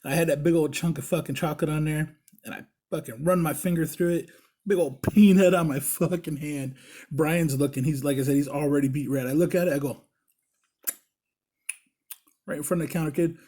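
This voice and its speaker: Man, husky voice, somewhat high, casual storyteller, lots of cursing. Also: fairly even intonation, fairly quick. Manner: heavy swearing, laughs while telling; shouts in mock-angry voices for quoted people. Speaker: podcast host.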